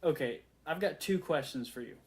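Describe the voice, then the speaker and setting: A man in his late twenties telling a story in a rambling, excitable way, full of fillers and restarts. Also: on the high side, moderate pace, a little hiss or hum. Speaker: vlogger. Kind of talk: casual storytelling rant.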